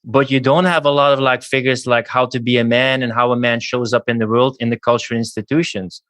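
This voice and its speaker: A man's voice: mid-range voice, fairly even intonation, a little fast, fairly bright tone. A man on a podcast ranting scornfully in casual chat.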